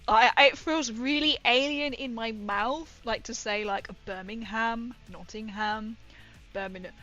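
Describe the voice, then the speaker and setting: A woman from northern England chats playfully with her livestream audience while painting, laughing a lot. Her voice sits a little high at a normal speed, sounding pushed and bright. The recording is muffled, with faint music in the background.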